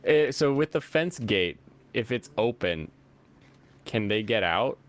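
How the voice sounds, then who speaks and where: A man's voice: lowish voice, lively intonation, takes it slowly. A man hosting a casual chat while playing a video game, rambling and easily amused, thinking aloud as he plays. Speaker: host.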